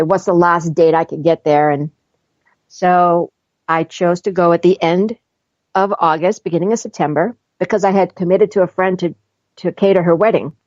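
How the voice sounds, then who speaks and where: A woman's voice: lowish voice, darkish tone, dry recording, muffled recording. A woman host telling a personal story with animation, acting out dialogue and laughing often. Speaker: podcast host.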